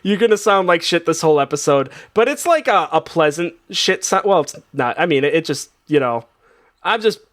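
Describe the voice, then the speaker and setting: A man's voice: a little high, animated, a little fast, a bit bright. A man hosting a comedy game show in casual banter, rambling and laughing with lots of restarts.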